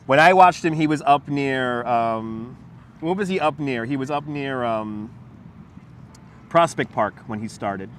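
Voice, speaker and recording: A man's voice: medium pitch, a little slow, fairly bright tone, a little hiss or hum. A man hosting a casual livestream outdoors, rambling, laughing and swearing while he answers his chat. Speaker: livestream host. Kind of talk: casual live-stream chat while walking. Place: outdoors on a city waterfront. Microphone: wireless lapel mic.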